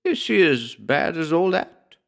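A man's voice: fairly high pitch, big pitch swings, measured pace, voice pushed up. A man doing a spiteful old washerwoman. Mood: curt. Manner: grave, haggling.

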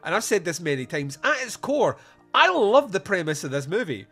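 Podcast host guy, kinda high voice, all over the place pitch-wise, laughs and swears a lot. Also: moderate pace, soft background music. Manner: animated, laughs often, swears freely. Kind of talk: casual film review chat.

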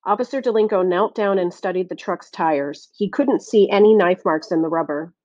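A woman reading a novel aloud as audiobook narration, steady and clear. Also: fairly low pitch, moderate pace, no room sound, dull audio. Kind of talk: scripted narration.

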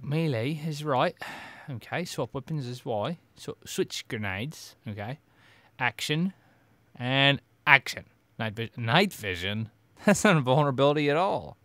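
A man giving goofy, excitable let's play commentary, trash-talking the game as he plays. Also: mid-range voice, moderate pace, long pauses. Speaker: gaming host. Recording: noisy game-audio mix. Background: game sound effects and vehicles.

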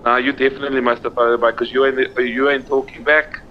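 A man's voice: mid-range voice, level tone, fast, muffled recording, slight background noise. A man chatting casually and swearing in character during a game roleplay. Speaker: roleplay player.

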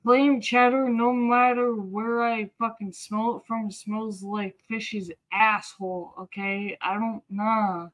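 A woman's voice: on the high side, fairly even intonation, slow pace, few pauses, fairly bright tone, rough recording. A woman hosting a cooking livestream, chatting casually, brash and teasing with a lot of swearing.

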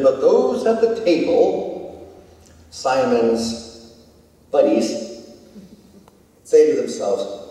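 A man's voice: medium pitch, animated, takes it slowly, pauses often, mellow. A man preaching a sermon as pastor, telling the story in a conversational way and asking the congregation questions. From United States. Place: church sanctuary. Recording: echoey church hall, distant mic.

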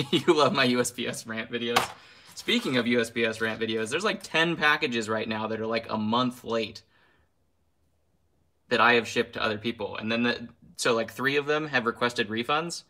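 A man's voice: medium pitch, moderate pace, bright, forceful tone, a little hiss or hum. A young man hosting a casual live stream, ranting with heat, then apologizing with a laugh and reading out viewer names. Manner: reads viewer names aloud.

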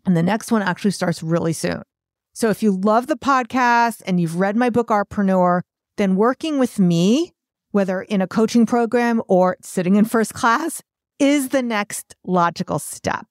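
A woman's voice: medium pitch, normal speed, dry recording, studio quality. A woman hosting her own podcast, a chatty and self-deprecating art business coach talking solo.

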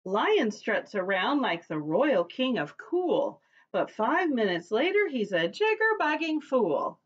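A woman's voice: fairly high pitch, big pitch swings, takes it slowly, husky, highs cut off. A woman preschool teacher reading a picture book aloud to young children, with a cheerful sing-song voice that leads call-and-response chants.

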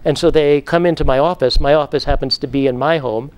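A middle-aged man gives a psychotherapy lecture, telling patient cases step by step. His voice sits a bit high for a man, and he now and then acts out stern dialogue with a raised voice. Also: steady tone, brisk, a little mellow, smooth. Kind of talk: lecture with case stories.

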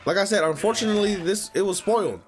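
A young man hosting an anime reaction video, swearing and yelling at the screen as he watches. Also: sits high, quick pace, faint music behind. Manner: excitable, yells and swears at the screen. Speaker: anime reaction channel host. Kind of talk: reacting live to an anime episode.

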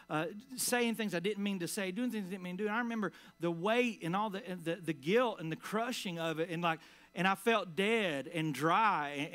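A man preaching a sermon in church in a casual, conversational way, full of fillers, sometimes dropping to a quiet, low voice for emphasis. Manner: conversational preaching with many "like" and "all right" fillers. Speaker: pastor. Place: church sanctuary.

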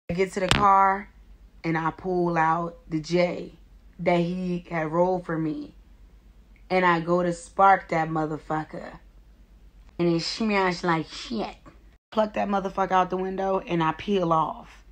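A young woman telling a comedic storytime in a brash, profane, animated way, acting out the voices of the people in her story. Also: mid-range voice, moderate pace.

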